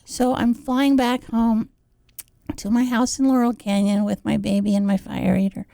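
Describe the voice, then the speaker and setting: High-pitched lady on a radio interview, super animated storyteller, dry close mic. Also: normal speed, gravelly, dry recording. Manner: animated, acts out the people in her stories. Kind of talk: casual storytelling chat.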